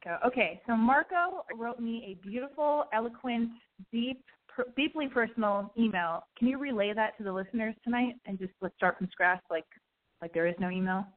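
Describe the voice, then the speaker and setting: A brash, chatty woman hosts a call-in show, swearing freely and talking fast through a slight lisp. Her voice sits fairly high and sounds congested from allergies. The sound is tinny and phone-like. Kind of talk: casual call-in podcast hosting.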